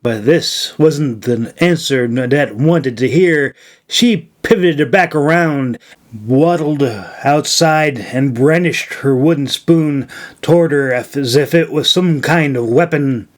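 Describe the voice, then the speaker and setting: A man reading his own fantasy novel aloud as narrator, slow and measured. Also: fairly high pitch. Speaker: author and narrator. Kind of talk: audiobook narration.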